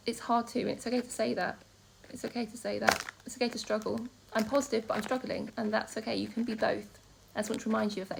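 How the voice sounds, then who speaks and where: A woman talks straight to her phone camera from a hospital room, rambling candidly from one thought to the next. Her voice is heavily gravelly, full of vocal fry, and she speaks quickly. Faint room ambience sits behind her. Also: mid-range voice, slight background noise, poor audio. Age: 30s. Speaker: vlogger. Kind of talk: casual vlog monologue.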